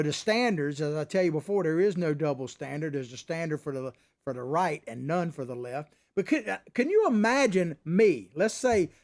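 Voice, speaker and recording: Middle-aged male host, high voice that swings all over, folksy and combative. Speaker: commentary show host. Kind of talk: opinionated political commentary.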